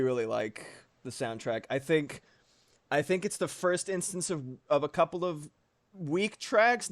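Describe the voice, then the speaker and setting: Drawing on a livestream, a young man with a medium-pitched voice chats casually, animated and profane, wandering through his thoughts with plenty of fillers. The recording is dry.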